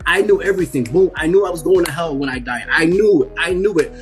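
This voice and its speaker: A man's voice: on the high side, fast, over music. A man in his forties giving an earnest, emphatic first-person testimony and repeating key phrases for weight. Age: 40s. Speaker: guest telling a personal testimony.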